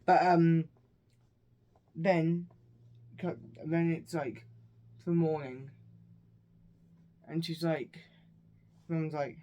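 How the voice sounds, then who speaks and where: A man's voice: a little high, flat delivery, extremely slow, long pauses, warm tone, lo-fi sound. Rambling man retelling a film plot. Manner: rambling, meandering, self-correcting retelling. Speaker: movie reviewer. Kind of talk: casual plot recap.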